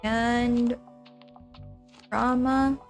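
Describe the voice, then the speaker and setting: A woman's voice: on the high side, little pitch movement, drawn-out words, soft background music. A woman streaming a game, chatting casually to her viewers, giggling and rambling as she plays. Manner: giggly, rambling, talks to chat. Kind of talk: casual gaming stream chat.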